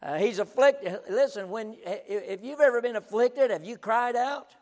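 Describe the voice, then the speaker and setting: A man's voice: very high voice, moderate pace, a little mellow. A male pastor preaching a sermon in an emphatic style, repeating his points and often breaking in with "listen". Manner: emphatic, repeats himself, keeps saying "listen". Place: auditorium. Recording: reverberant auditorium.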